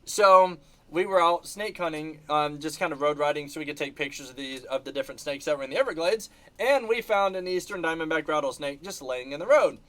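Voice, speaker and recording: Guy chatting on a livestream, kinda high voice, keeps laughing and coughing between bits. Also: a little fast. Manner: animated storyteller, laughs and coughs between sentences. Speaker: channel host reacting to live chat. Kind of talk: casual livestream chat showing trip photos.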